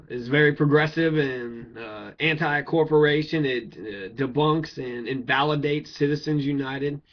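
A mid-range male voice from Kentucky rants angrily about politics, swearing bluntly and asking rhetorical questions. The audio is lo-fi and dull.

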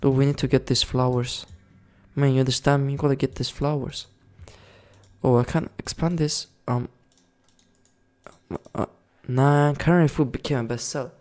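Man, gaming commentary, casual and rambling, laughs a lot, swears constantly, middle-pitched voice. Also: fairly even intonation, normal speed, pauses often, a little mellow. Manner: rambling, giggly and full of swearing. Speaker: gaming video creator.

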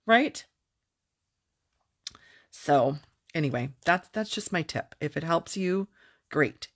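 Slow, low-voiced chatty craft woman. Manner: chatty, self-deprecating, laughs easily. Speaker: papercraft demonstrator. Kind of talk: casual craft tutorial.

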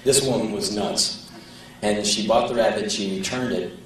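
A man telling a story on stage in an animated, profane way, chuckling as he goes. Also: on the low side, moderate pace, distant mic, slight background noise. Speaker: spoken-word performer. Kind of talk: live comic storytelling. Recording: echoey live hall, voice heard from afar.

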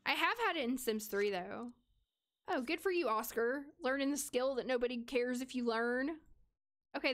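High-pitched young woman streaming a game, chatty n giggly, talks to chat. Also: a bit bright. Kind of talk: casual live-stream chat over gameplay.

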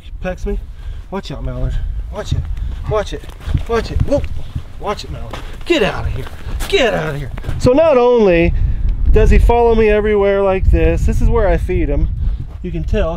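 Guy, high-ish voice, rambly folksy vlog outside, bit of faint noise behind. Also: darkish tone. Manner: folksy and rambling, talks to his pet duck. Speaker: duck-hunting guide and vlogger. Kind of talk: casual outdoor vlog. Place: outdoors on a rural property, near a shed.

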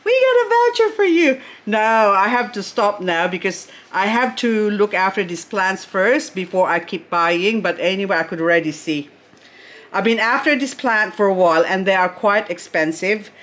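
A woman's voice: mid-range voice, moderate pace, a bit bright. A middle-aged woman chatting casually as she unboxes succulents, gushing over each plant with chatty asides.

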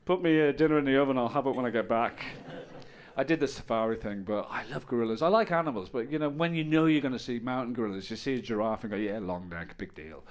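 A middle-aged man doing a stand-up set on stage, telling stories deadpan with bursts of loud exasperation. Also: mid-range voice, quick pace. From Ireland. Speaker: stand-up comedian. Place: comedy stage with audience.

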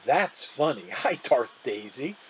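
A reluctant schoolboy shrugs things off in an offhand, grumbling way, voiced by a man reading a storybook. His pitch swings widely as he talks. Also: big pitch swings, slow pace, a little hiss or hum, low-quality recording. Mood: casual. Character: boy Jack, reluctant and offhand kid.

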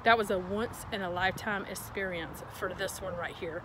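A woman ranting casually to her viewers, animated and exasperated, in a folksy storytelling way. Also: medium pitch, moderate pace, background noise. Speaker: vlogger. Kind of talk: casual rant to camera.

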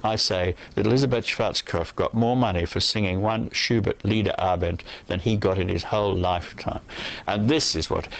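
A man's voice: fairly low pitch, fairly even intonation, moderate pace, creaky, poor audio. A man answering as a guest in an interview, reflective and opinionated, thinking his points through aloud. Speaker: guest poet.

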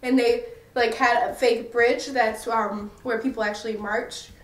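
A woman's voice: fairly high pitch, fairly even intonation, a little slow, far from the mic. A young American woman vlogging in a casual, rambling and self-mocking way. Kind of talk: casual chatty review. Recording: echoey room, a bit off-mic.

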